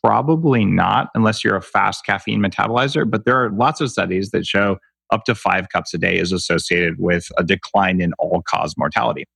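A man's voice: low-pitched, a little fast, creaky, fairly bright tone, breathy edge, dry recording. A man talking emphatically in an interview, ranting with rhetorical questions. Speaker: guest expert on health. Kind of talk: animated interview talk.

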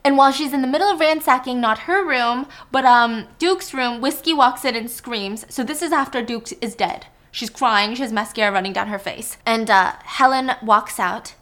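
This animated movie recap comes from a woman telling a friend the plot, performing quoted lines and whispering through the suspenseful moments. She has a fairly high, fairly bright voice and speaks at a moderate pace with few pauses.

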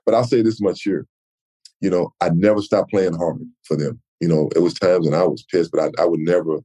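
Deep low texas guy in his 60s, mellow tone, tells stories and does little voices for people. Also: fairly quick. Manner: animated storyteller, acts out quoted voices. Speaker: retired football player, guest. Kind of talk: storytelling interview.

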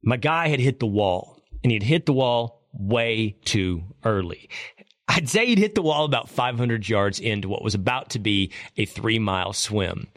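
A middle-aged man hosting a talk show, telling a story in an animated, joking way. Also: lowish voice, moderate pace, dry recording, studio quality. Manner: animated, jokey storytelling with impressions. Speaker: podcast host. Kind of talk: storytelling monologue.

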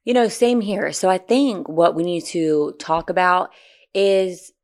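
A woman co-hosting a casual podcast with a low-pitched voice. She talks brashly, swears freely and laughs often as she trades stories. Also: a little slow, darkish tone. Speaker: podcast co-host. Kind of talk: casual chat.

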